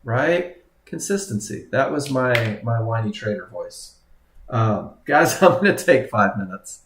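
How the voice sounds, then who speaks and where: A man's voice: on the low side, expressive, measured pace, a bit bright, reverberant, slight background noise. A man teaching a live trading webinar, commenting on charts and often exclaiming at what the market does. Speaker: trading instructor.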